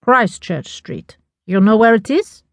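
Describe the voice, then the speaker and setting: A woman's voice: medium pitch, lively intonation, measured pace, dry recording. A woman voicing a glamorous, scheming Russian mother with a Russian accent who speaks broken English in a commanding way. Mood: coaxing.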